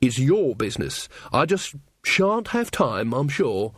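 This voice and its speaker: A man's voice: medium pitch, sing-song, slow pace, slightly rough, no room sound, studio quality, heavily acted. A man voicing a touchy young female witch who snaps back indignantly. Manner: snappy, indignant.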